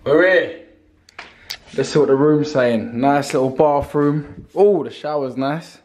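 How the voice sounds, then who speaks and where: A man's voice: fairly high pitch, a little slow, a little mellow. A young man, chatting casually and animatedly to a handheld camera, full of slang and swearing. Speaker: vlogger. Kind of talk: casual vlog chat.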